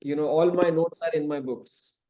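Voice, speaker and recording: This man's voice sits on the high side and sounds mellow, with fairly even intonation and a normal speed. He is giving a long explanation to a scripture class in a temple classroom, sprinkling in frequent "you know" remarks.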